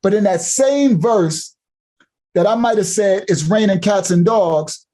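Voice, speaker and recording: A man preaching with a high yet dark, mellow voice. He speaks in loose everyday speech, drives his points home by repeating them, and breaks into shouts. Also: a little slow. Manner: emphatic, repeats and hammers points, rises to shouts; casual vernacular speech. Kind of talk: sermon.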